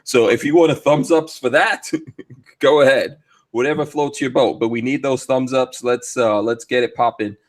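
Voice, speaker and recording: A man hosts a live podcast in a loose, joking chat. He laughs often and keeps the energy up. His voice sits at a middle pitch. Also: normal speed. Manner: jokey, lively, laughs often. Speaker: podcast host.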